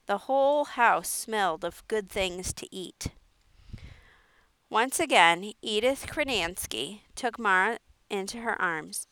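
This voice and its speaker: Female audiobook reader, smooth and dry, steady storytelling. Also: mid-range voice, slow pace, no room sound. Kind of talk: audiobook narration.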